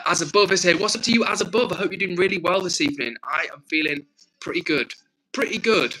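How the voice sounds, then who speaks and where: Poor audio captures a young man from England hosting a live stream, his fairly high voice pushed and bright. He reads the chat aloud and answers viewers amiably and chattily, sounding as if he has a frog in his throat.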